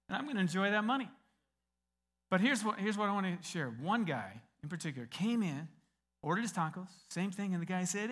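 A middle-aged American man preaching a sermon, telling a story with lively acted-out quotes. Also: sits high, a little fast. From United States. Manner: animated storyteller, acts out quoted voices. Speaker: pastor.

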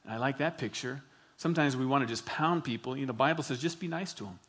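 A middle-aged man preaching a sermon to his congregation, earnest and emphatic, slowing down to stress key phrases. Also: medium pitch, fairly bright tone, breathy edge. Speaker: pastor.

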